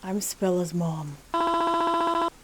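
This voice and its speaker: A woman voicing a grieving middle-aged mother at her daughter's funeral, speaking in a soft, drawn-out, tremulous way. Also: very high voice, big pitch swings, heavy background noise, voice pushed up, heavily acted.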